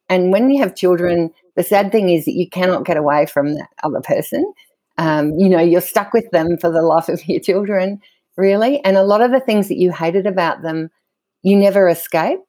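A woman's voice: lowish voice, normal speed, warm tone, no room sound. Woman telling stories, laughing often. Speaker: guest. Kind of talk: candid conversational storytelling.

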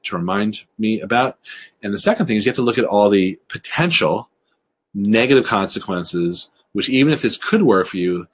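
A man presenting a recorded webinar, talking quickly and explaining things briskly. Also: low-pitched. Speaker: webinar presenter on college financial aid.

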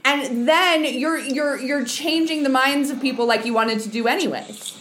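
A woman co-hosting a casual talk about dogs, her voice sitting high. She speaks hesitantly, circling with fillers and repeated tag questions before landing her point. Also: moderate pace, a bit bright, a little hiss or hum. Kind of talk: casual podcast conversation.

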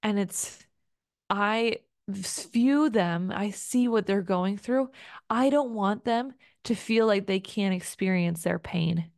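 A woman's voice: medium pitch, takes it slowly, creaky, darkish tone, no echo, clean studio sound. A young adult woman hosting a solo podcast, talking in an earnest, emotive, rambling way with many fillers. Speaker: podcast host.

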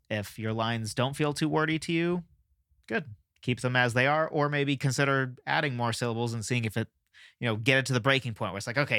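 A man's voice: medium pitch, a bit bright, no room sound, clean studio sound. A male podcast host explaining ideas in a casual monologue, thinking aloud with restarts and checking in with "right?".

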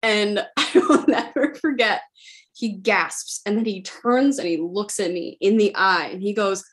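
A woman hosting a podcast, telling a funny story in a casual, animated way and often laughing as she talks. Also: medium pitch, unhurried, breathy edge. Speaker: podcast host.

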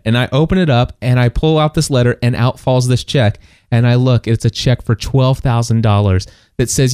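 Storytelling man with a mellow voice. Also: mid-range voice, brisk, clear, resonant tone, dry recording, clean studio sound. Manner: animated storytelling with many restarts and laughs. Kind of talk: casual testimony chat.

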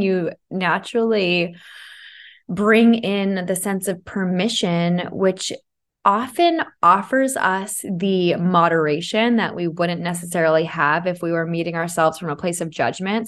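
Candid, swearing woman podcast host. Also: lowish voice. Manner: candid, swears freely, laughs often. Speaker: podcast host and self-love coach. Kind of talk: casual confessional podcast monologue. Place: podcast room in a co-working space.

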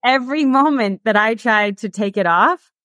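A woman's voice: fairly high pitch, moderate pace, a bit bright, dry recording. Chatty woman guest, dry close sound. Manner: chatty, peppered with "like" and laughs. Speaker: guest, author and coach. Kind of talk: casual interview chat.

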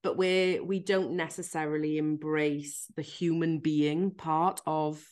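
A woman with a low voice hosts a candid podcast chat. She talks frankly and with feeling, pokes fun at herself and swears now and then. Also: steady tone, slow pace, a little mellow. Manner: frank, emphatic, self-deprecating, swears casually; recounts a tearful therapy session. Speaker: podcast host.

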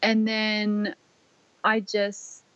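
A woman's voice: medium pitch, completely flat delivery, very slow, fairly bright tone, no echo, highs cut off. A young woman casually and emotionally telling her birth story, with many fillers and restarts.

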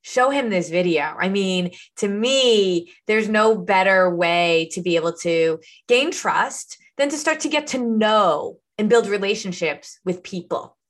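Host: woman nutrition coach, persuasive and encouraging, middle pitch. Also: unhurried, few pauses.

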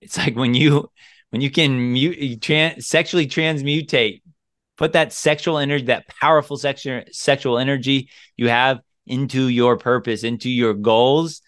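A man's voice: mid-range voice, steady tone, normal speed, a bit bright, no room sound, studio quality. A man co-hosting a podcast, talking earnestly in casual chat and repeating phrases for emphasis. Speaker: podcast co-host.

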